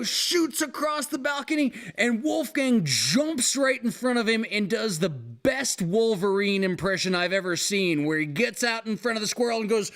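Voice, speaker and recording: Brief: male live-stream host, slightly high voice, loose and chatty, telling a pet story. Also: moderate pace, hardly any pauses. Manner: rambling storyteller, animated, swears casually. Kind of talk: casual live-stream chat. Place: home, with balcony and fire pit.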